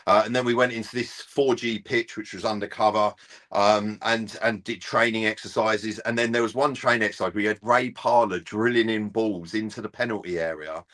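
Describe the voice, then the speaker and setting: A middle-aged man telling a lively fan story in casual chat, acting out the voices of people on the phone. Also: fairly low pitch, brisk. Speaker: presenter and fan-channel regular.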